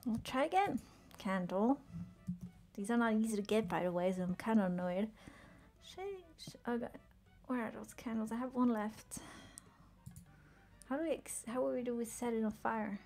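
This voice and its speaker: A woman's voice: fairly high pitch, lively intonation, moderate pace, pauses often, a little mellow, soft background music. A woman streaming a video game, chatting with her chat and swearing when things go wrong. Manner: swears often, exclaims in frustration; chatty, reads chat aloud and answers it. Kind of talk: casual gameplay commentary.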